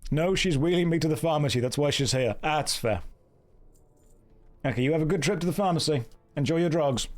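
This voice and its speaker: A man's voice: a little high, a little fast, soft background music. An English man in his thirties chatting and joking with viewers while streaming a game. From England. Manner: joking, riffing, slips into mock accents. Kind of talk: live stream chat while gaming.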